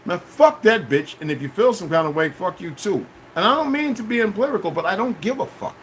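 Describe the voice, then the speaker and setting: High-voiced man in a cursing livestream rant. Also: sing-song, a little fast, slight background noise. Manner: confrontational, cursing, shifts between shouting and low muttering. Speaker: livestreamer answering chat.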